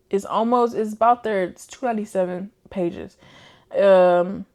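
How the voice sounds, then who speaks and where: Animated, slangy young woman vlogger. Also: medium pitch, measured pace. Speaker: book reviewer. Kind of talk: casual chat.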